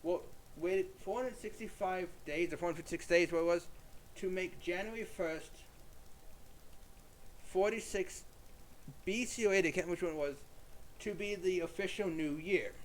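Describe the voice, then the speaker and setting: High-voiced man rambling chattily. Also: normal speed, pauses often, a little hiss or hum. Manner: rambling, chatty, many fillers and restarts. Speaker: YouTube creator. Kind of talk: casual storytelling monologue. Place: at home.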